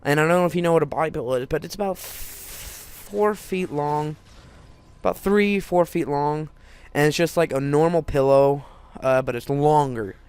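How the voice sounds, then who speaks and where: A man's voice: on the high side, moderate pace, a little mellow, smooth. A teenage boy telling a personal story in a casual, rambling way, full of restarts and fillers.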